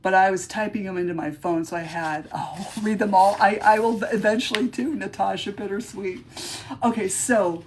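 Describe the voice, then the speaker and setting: A woman hosting a livestream reads her own rhyming poems in a medium-pitched voice, leaning hard into each rhyme. Between poems she drops into loose, halting chatter, hunting for the next one to read. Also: fairly even intonation. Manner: reads rhyming verse with emphatic rises, then chatty halting asides. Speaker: podcast host.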